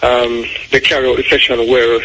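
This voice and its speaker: A man's voice: mid-range voice, flat delivery, normal speed, noisy background. A man calling into a radio show, giving a hesitant, polite, filler-filled update. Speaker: caller.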